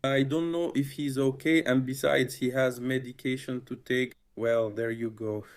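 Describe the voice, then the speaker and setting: A man recording a statement for his followers in a plain, mid-pitched voice. He hesitates often, restarting phrases and filling pauses with uh. The delivery is earnest and unpolished. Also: steady tone, smooth. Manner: hesitant, many uhs and restarts. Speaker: content creator.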